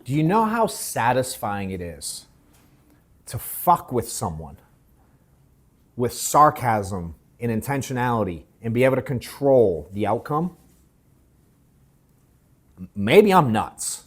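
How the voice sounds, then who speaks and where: This is a man teaching a live sales workshop in a loose, joking way. He acts out his own thoughts mid-story, swears freely and calls people bro and dude. His pitch rises and falls a lot as he talks. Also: very animated, slow pace, long pauses. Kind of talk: casual, joking workshop talk. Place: workshop room with an audience.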